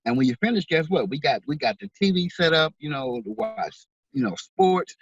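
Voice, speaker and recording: A man's voice: on the high side, big pitch swings, moderate pace, breathy edge, no echo, highs cut off. A man giving an interview, talking in an earnest, heartfelt way and often repeating words as he speaks. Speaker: author and veterans charity organizer. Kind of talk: interview guest.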